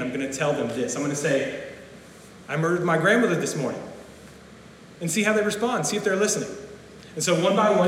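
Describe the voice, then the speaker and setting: A man's voice: on the high side, a little hiss or hum. Man preaching in an echoey church. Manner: earnest preaching with frequent repeated words. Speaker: pastor. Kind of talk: sermon. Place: church sanctuary. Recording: echoey church hall with long reverb.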